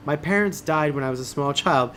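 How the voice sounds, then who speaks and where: A man's voice: on the high side, brisk, a bit bright, a little hiss or hum, natural voice. A man voicing a young, eager orphan girl with long braids, reading her lines aloud in a lightly raised voice.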